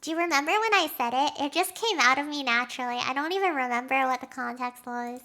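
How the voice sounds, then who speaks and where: A young woman streamer chatting casually with her live audience, giggly and quick to react emotionally. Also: high-pitched, sharp tone. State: has a headache.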